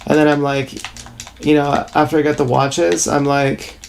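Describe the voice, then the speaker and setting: Gravelly and a little high, this man's flat delivery carries a rambling, confessional livestream talk riddled with halting restarts. The action-camera recording has faint background noise.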